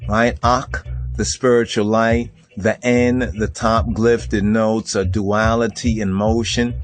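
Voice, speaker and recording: A man teaching from a screen share, checking in with "right?" after nearly every phrase and repeating words as he goes. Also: medium pitch. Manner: Rastafari speech, says "I and I". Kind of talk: screen-share lecture on ancient symbols.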